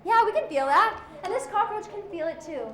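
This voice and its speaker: High-voiced woman teaching kids about animals. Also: brisk, roomy sound. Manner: lively, playful, asks the audience questions. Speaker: zoo educator. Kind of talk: animal presentation for children.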